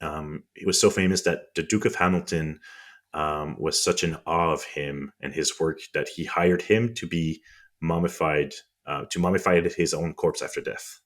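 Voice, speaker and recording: A man's voice: very deep voice, fairly even intonation, moderate pace, a bit bright. A man with a French accent, a podcast co-host explaining history in casual chat, with frequent ums and restarts on tricky words.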